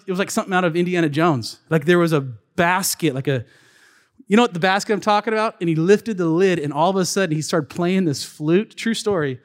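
Animated male pastor, high-pitched, preaching in a reverberant church hall; storytelling sermon with shouted peaks. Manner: animated storyteller, acts out quotes, bursts into shouts. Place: church sanctuary.

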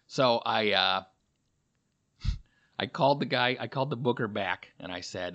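A man's voice: lowish voice, unhurried, long pauses, fairly bright tone, lo-fi sound. A male comedian talking through a casual, rambling monologue, full of fillers and self-deprecating asides. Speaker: comedian and podcast host.

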